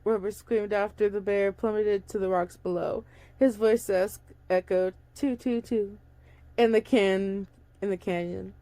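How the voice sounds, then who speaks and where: A woman's voice: mid-range voice, steady tone, unhurried, warm tone, no echo. A young woman casually reading a story aloud, stumbling and restarting and breaking off for chatty asides. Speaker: audiobook reader. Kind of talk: casual book reading with commentary.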